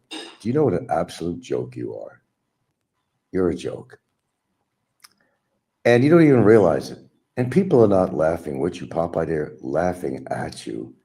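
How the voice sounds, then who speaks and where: A man's voice: low-pitched, vocal fry, mellow. A man hosting a stream, giving a combative, mocking monologue aimed at absent rivals. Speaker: livestream host. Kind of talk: ranting monologue.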